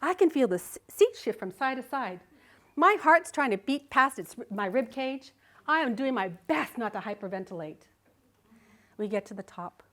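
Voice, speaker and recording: A woman's voice: fairly high pitch, very animated, normal speed, a bit bright. A middle-aged woman giving a live talk, telling a personal story vividly and expressively, often laughing. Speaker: speaker. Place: live speaking event.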